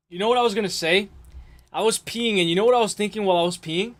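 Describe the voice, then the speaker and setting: A man hosting a casual livestream, rambling and joking with profanity, congested and clearing his throat. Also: high voice, a little fast. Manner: rambling, profane, jokey, reads chat aloud. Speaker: livestream host.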